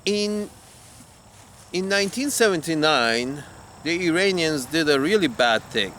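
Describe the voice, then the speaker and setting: A man's voice: fairly high pitch, lively intonation, unhurried, fairly bright tone, slight background noise. Heated profane man ranting outdoors. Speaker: commentator. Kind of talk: ranting monologue.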